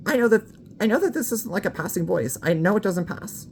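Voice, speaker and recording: Candid, swearing woman vlogger, mid-pitched. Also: animated, fairly quick, a little mellow, slight background noise. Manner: candid and frank, swears freely; slightly out of breath. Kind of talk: casual vlog talk.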